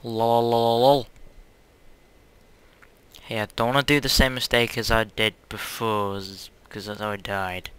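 A man's voice: fairly low pitch, moderate pace, few pauses, pushed and bright, clean tone, no room sound. A young man hosting his own gaming channel, chatting casually over gameplay in a hyperactive, silly, rambling way.

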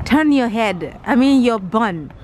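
A woman's voice: on the high side, animated, takes it slowly, a little mellow, slight background noise, rough recording. A woman vlogging casually outdoors, scolding and exasperated in a dramatic way. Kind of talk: casual vlog chat.

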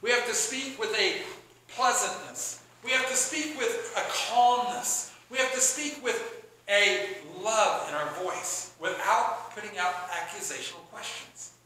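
Excitable pastor guy preaching, acts out convos, kinda high bright voice, really echoey hall. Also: a little slow, slight background noise. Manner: animated, excitable delivery acting out dialogue. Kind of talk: sermon.

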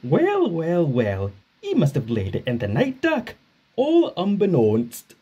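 Picture a sleepy, teasing tank engine with a thick Scottish brogue, as a man puts him on. The voice sits well above the performer's own, swinging wide between low mutters and high jabs, with a husky edge. It's storybook voicing for a children's railway tale. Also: huge pitch swings, takes it slowly, mellow, muffled recording, exaggerated voice. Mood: amused.

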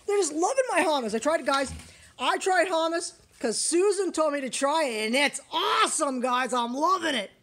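Canadian lady vlogging at home, super high squeaky voice, gushy and repetitive, baby talk for the dogs. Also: expressive, moderate pace, fairly bright tone. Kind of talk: casual home vlog. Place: home, feeding her dogs.

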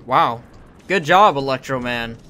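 Excitable young-sounding gamer man. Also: medium pitch, a little slow, slight background noise. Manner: excitable, swearing, frequent exclamations. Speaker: let's play gamer. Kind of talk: casual gameplay commentary. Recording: game sounds under voice.

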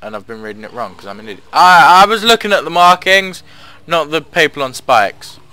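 A young man gives loose let's-play commentary, mocking and cursing at the characters as he goes. His voice is bright and forward, with a pitch that jumps around a lot. He sounds like a gamer chatting to himself at the mic. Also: expressive, a little fast, smooth. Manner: sarcastic, swears a lot, talks back at the characters. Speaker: gamer playing through a story game.

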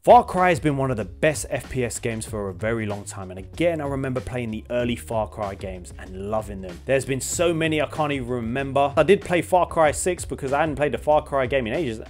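Brief: male gaming commentator, mid pitch, animated, sarcastic. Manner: chatty, exasperated, sarcastic. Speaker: gaming channel host.

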